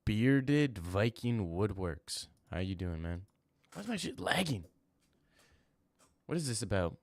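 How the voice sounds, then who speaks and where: A brash young man talks casually on a livestream, answering his chat in loose, slangy bursts. His voice sits low, and the sound is dry and close with no room around it. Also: big pitch swings, slow, darkish tone, no room sound. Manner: brash, trash-talking, slangy, rambling. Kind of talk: casual live-stream chat.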